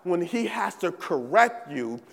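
Sing-song and unhurried, a male pastor's high-pitched voice sounds creaky and a bit bright in the large hall of a church sanctuary. His preaching is emphatic and repetitive, punctuated by frequent "right?" check-ins.

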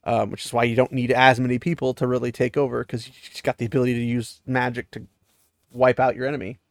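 A man's voice: mid-range voice, flat delivery, fast talker, no room sound. A man chatting casually as he recaps a fantasy book, laughing at the story now and then.

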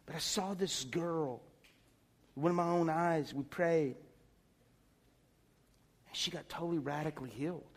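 A man preaching a sermon, telling stories excitedly and swinging from soft talk to shouts. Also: fairly high pitch, a little slow, pauses often. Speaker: pastor.

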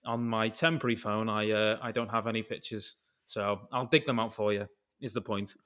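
Podcast host, British man, lowish voice, rambling storyteller who swears offhandedly. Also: steady tone, normal speed, fairly bright tone. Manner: rambling storyteller, swears casually, jumps between tangents. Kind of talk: casual chat.

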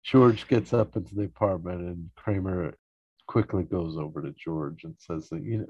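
In a relaxed, casual way, a man hosting a show recaps a sitcom episode, acting out the lines and chuckling often. His voice sits low and is slightly rough, at normal speed. He's recorded close on a mic, and the sound is dull and lo-fi with no echo.

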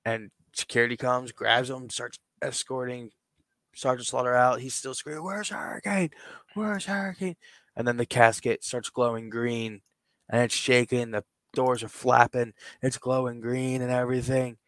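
Man, podcast host, casual play-by-play narration, mid pitch, dry close mic. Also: monotone, normal speed, a bit bright, smooth, no room sound. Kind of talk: narrating a toy wrestling storyline.

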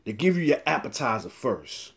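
A man hosting a casual sports talk show, animated and slangy, hyping up his co-host. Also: mid-range voice, normal speed, creaky. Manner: animated, slangy, hyped-up delivery.

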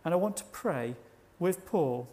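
Man, fairly high voice, preacher, measured reflective sermon delivery. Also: lively intonation, dark tone. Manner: measured, reflective, slows for emphasis.

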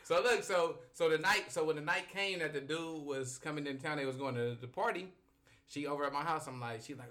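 Bright-voiced man telling a profane story. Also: fairly high pitch, a little fast. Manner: animated, profane storytelling that often breaks into laughter. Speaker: podcast host. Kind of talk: casual storytelling chat.

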